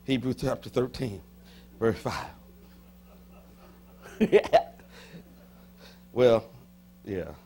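Husky-voiced preaching man in church. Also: mid-range voice, drawn-out words, long pauses, a little mellow. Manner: emphatic preaching with call-and-response, repeats lines for emphasis. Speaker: pastor. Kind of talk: sermon. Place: church sanctuary.

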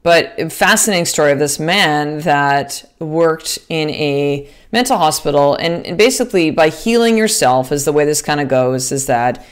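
Woman podcast host, slightly low voice, candid and profane, talks straight to her listeners. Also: lively intonation, normal speed, hardly any pauses, clean tone. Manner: candid, swears freely, restarts sentences; earnest and motivational, addresses listeners as sister. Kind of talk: casual podcast monologue.

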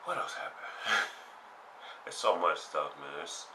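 A man giving a casual spoken recap of a fighting game tournament, slangy and animated, getting loud and heated as he retells it. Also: low-pitched, measured pace, background noise.

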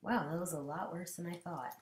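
A woman giving casual gameplay commentary, swinging between loud outbursts and muttered asides. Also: fairly low pitch, fairly quick, roomy sound, a little hiss or hum. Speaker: gamer commentator.

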